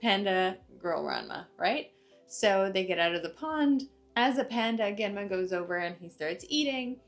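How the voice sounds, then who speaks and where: A woman's voice: medium pitch, expressive, normal speed, faint music behind. Chatty young woman recapping anime. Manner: chatty, uses many fillers like "like" and "uh". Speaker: anime reviewer. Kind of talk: casual recap of an episode.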